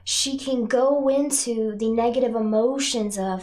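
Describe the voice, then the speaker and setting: A woman with a voice pitched a little high. She talks earnestly to her viewers about spiritual matters, checking in with a "right?" after her points. She sounds emotional and close to tears. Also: a little slow, few pauses, a little mellow. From North Carolina, USA. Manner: earnest, tags lines with "right?", speaks of herself in third person. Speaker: spiritual channel host. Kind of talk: heartfelt spiritual talk to viewers.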